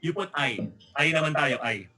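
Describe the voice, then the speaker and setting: A man's voice: a little high, lively intonation, moderate pace, crowd noise. A man in his forties with a Filipino accent, giving a story-driven motivational talk on money to a live online audience, mixing in jokey asides. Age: 40s. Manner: switches between Tagalog and English, story-driven, jokey asides. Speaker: motivational speaker.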